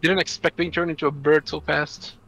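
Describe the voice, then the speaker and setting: A young man co-hosting a game stream, rambling with halting restarts in a jokingly dramatic manner. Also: on the high side, flat delivery, vocal fry, highs cut off, a crowd in the background. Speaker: co-host boyfriend. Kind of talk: casual gaming chat.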